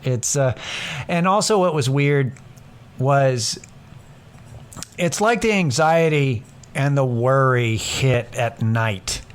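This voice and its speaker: A man's voice: mid-range voice, clear, resonant tone. A young man hosting a casual solo podcast, rambling and self-deprecating, swearing freely and acting out what others said. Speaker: podcast host.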